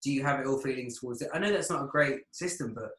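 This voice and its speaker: A man's voice: medium pitch, fast talker, a bit bright. A man in casual podcast chat, heated and swearing a lot, often restarting his sentences. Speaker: podcast co-host. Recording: echoey room.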